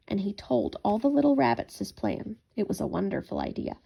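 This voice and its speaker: A woman reads a children's bedtime story in a gentle, expressive manner. Her voice has a strong gravelly grain, and her pitch rises and falls in a lively way, at a middle height for a woman. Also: a little fast, hardly any pauses.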